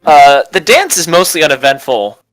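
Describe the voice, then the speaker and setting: A man's voice: a little high, sing-song, normal speed, a bit bright, no room sound, soft background music, low-quality recording. A young man narrating a tabletop game as game master, casual and laid-back with frequent fillers.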